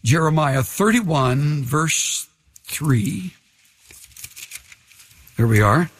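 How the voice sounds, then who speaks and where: An older man preaching a sermon in an earnest way, slowing down and dropping to a hush on key lines. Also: a little high, animated, a little hiss or hum. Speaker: pastor. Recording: long reverb of a large hall.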